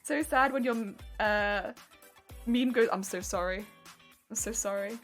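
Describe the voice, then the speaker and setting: A woman's voice: mid-range voice, a little slow, a bit bright, soft background music. A woman with an English accent, chatting casually and playfully with her stream audience while she crafts, rambling and giggling as she goes. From England. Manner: rambling, playful, giggly, reads chat aloud. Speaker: crafting livestreamer.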